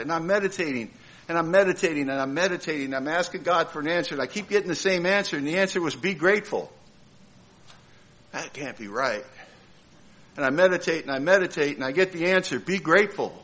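A man's voice: fairly high pitch, a bit bright, poor audio. A middle-aged man telling a heartfelt, funny personal story to a meeting. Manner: heartfelt, humorous storyteller with comic timing. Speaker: speaker at a recovery meeting.

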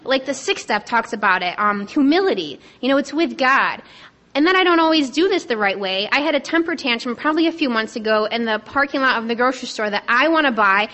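Fast-talking excited young woman. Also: fairly high pitch. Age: young adult. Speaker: panel speaker at a recovery conference. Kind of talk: personal share talk.

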